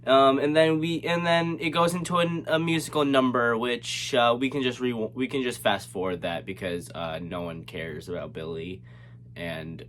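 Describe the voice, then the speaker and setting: A man's voice: medium pitch, steady tone, normal speed, a bit bright, a little hiss or hum. A man recapping a movie in a casual, comedic way, sarcastic and rambling, with many fillers and restarts. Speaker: movie reviewer.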